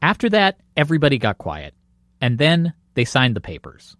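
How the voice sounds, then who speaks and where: A man narrating a documentary podcast in a lively storytelling cadence. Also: medium pitch, normal speed, no room sound, clean studio sound. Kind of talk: scripted narration.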